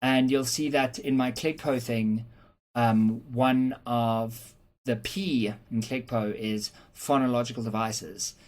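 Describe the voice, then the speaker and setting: An English teacher with a mid-range, slightly mellow voice explains rhetorical devices at a slow, steady pace. He patiently works through examples, checks in with "okay?", and often uses "um" fillers and small restarts.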